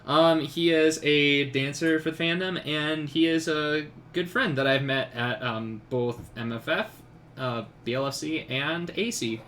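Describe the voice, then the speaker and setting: A young man hosts a relaxed live stream while he draws. His voice sits a little high, and he rambles through casual chat with plenty of ums and restarts. A faint hum runs underneath. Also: a little slow. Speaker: streamer and artist.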